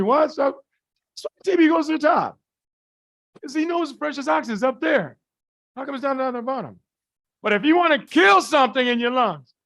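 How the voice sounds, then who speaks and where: A man with a slightly high voice gives a live class lecture. He talks in a folksy, colloquial way, keeps throwing rhetorical questions at the students and checks again and again that everyone follows. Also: sharp tone. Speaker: medical lecturer.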